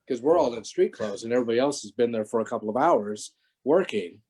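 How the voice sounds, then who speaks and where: A man's voice: medium pitch, expressive, fast, darkish tone, breathy edge, rough recording. A man in his sixties, a former stunt performer, telling rambling stories with many restarts on a video call. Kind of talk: casual interview anecdotes.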